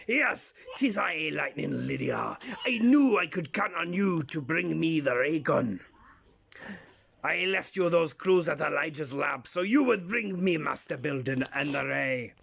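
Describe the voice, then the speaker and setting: A woman's voice: low-pitched, expressive, a little slow, vocal fry, breathy edge, pitched below the performer's own voice, full character voice. Captain Purplebeard, a gloating pirate villain voiced by a woman. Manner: gloating pirate growl with "arr".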